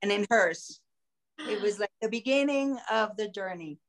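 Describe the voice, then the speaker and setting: A woman podcast host telling a story in a casual, animated way, acting out the voices of the people in it. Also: mid-range voice, normal speed. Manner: animated, acts out quoted voices. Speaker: singer.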